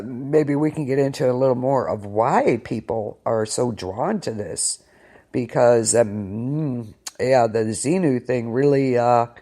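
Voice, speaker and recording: A man hosting a casual internet radio show, his pitch sitting in an ordinary middle range. He rambles and hesitates, restarting sentences and reacting with disbelief. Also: darkish tone. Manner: incredulous, keeps saying wow. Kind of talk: casual chat.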